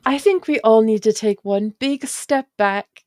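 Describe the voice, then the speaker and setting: A woman's voice: a little high, unhurried, a little mellow, dry recording, studio quality. A woman player in a tabletop game, playful and bantering. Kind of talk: tabletop role-play chat.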